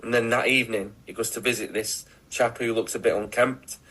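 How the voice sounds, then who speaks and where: A man co-hosting a podcast, telling a story in an animated way with casual chat. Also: medium pitch, brisk, rough recording. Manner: animated storyteller, breaks into laughter. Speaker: podcast co-host. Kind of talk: casual chat, retelling a comic.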